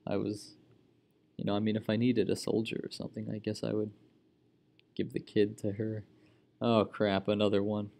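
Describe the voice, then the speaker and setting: A man's voice: on the low side, completely flat delivery, normal speed, creaky, long pauses, darkish tone. A man giving casual let's-play commentary as he plays, chatty and full of sudden exclamations. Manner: exclaims often, chatty running reactions. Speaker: gaming channel host.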